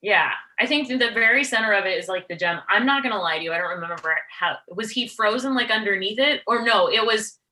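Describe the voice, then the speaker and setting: Bright-voiced woman co-hosting. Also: medium pitch, animated, fairly quick, few pauses. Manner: chatty, retells scenes playfully. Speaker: podcast co-host. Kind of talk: casual movie review chat.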